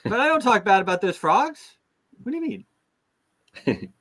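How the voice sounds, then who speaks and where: A man's voice: high-pitched, big pitch swings, normal speed, fairly bright tone. Rambling middle-aged American man hosting. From United States. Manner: rambling, with many restarts and fillers. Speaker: show host. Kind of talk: casual chat.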